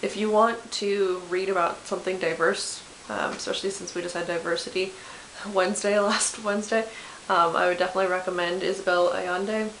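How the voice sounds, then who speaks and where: In an echoey room with a faint hiss, a woman in her twenties casually chats about books she loves as a book vlogger. Her voice sits on the low side, creaky and a bit bright, steady in tone and a little fast. She's chatty and self-deprecating, with many fillers, restarts and self-corrections.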